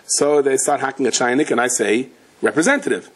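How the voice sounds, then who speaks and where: A man, a rabbi giving a Torah lecture, telling stories and acting out the people in them with big jumps in his voice. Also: a little fast. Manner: animated storyteller, acts out quotes with big pitch jumps.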